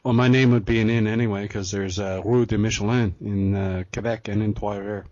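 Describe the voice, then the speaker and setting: A man's voice: on the low side, steady tone, brisk, a little mellow. A man co-hosting a casual podcast chat, laid-back and joking, chiming in with quips. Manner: laid-back, laughs often, chimes in with quips. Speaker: podcast co-host. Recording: dry, dull lo-fi podcast audio.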